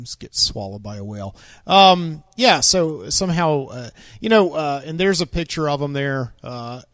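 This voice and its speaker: A man's voice: mid-range voice, vocal fry, fairly bright tone, no room sound, clean studio sound. A man hosting his own podcast in a casual solo monologue, rambling and wry, with many ums and uhs. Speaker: podcast host.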